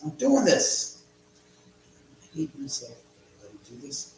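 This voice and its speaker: A man's voice: medium pitch, very animated, a little slow, slight background noise. Rambling, swearing man in a very echoey room. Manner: rambling, swears a lot, mutters to himself. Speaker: livestream host. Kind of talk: casual live-stream chat. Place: at home.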